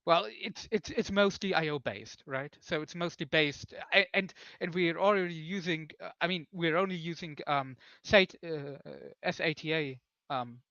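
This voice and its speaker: A man's voice: fairly high pitch, normal speed, few pauses, sharp tone, dry recording, dull audio. A man on a technical call, explaining package builds with many fillers and restarts. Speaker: developer on a conference call. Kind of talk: technical discussion.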